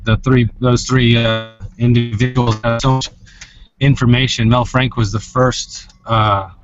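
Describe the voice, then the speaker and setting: A man in his thirties talking in a casual, halting way full of fillers, on a muffled recording with faint hiss. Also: mid-range voice, little pitch movement, music in the background. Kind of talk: casual conversation.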